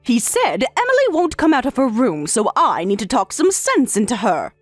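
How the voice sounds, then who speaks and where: A woman's voice: fairly high pitch, huge pitch swings, normal speed, dry recording, faint music behind. A synthetic woman's voice reading a domineering older mother-in-law who lectures and scolds. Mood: scolding. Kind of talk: text-to-speech story reading.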